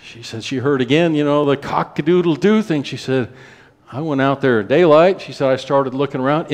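A man, telling a testimony story in a sermon in a folksy way, rushing through some runs and slowing for emphasis. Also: medium pitch.

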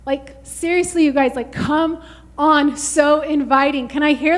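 A woman's voice: high voice, fairly even intonation, unhurried. A woman preaching a fervent sermon, often saying "you guys" and "hallelujah" to the congregation.

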